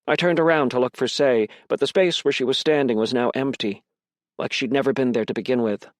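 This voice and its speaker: Male audiobook narrator, dry and measured. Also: medium pitch, dry recording. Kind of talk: first-person audiobook narration.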